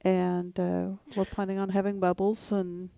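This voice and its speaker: A woman, a talk show guest speaking in a relaxed, hesitant way. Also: on the low side, a little slow, vocal fry, smooth, no echo. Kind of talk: casual chat.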